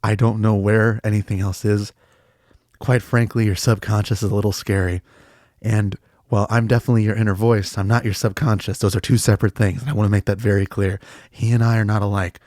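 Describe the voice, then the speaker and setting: Guy putting on his clingy inner voice, lowish and hushed, pleading, dry mic. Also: level tone, fairly quick, no room sound, natural voice. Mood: needy. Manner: soft, pleading, intimate. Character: man's clingy needy male inner voice.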